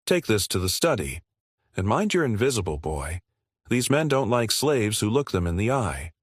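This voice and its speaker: A man voicing a stern, wary woman cook who speaks in a hushed voice. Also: on the low side, big pitch swings, normal speed, husky, no echo, clean studio sound. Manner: hushed, scolding.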